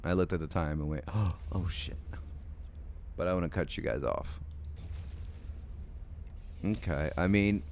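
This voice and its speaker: A man's voice: rumbling low, moderate pace, gravelly, pauses often, darkish tone, slight background noise. A man streaming a game late at night, sleepy and yawning, chatting casually with viewers in a rambling, hesitant way full of ums and restarts. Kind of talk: casual livestream chat with viewers.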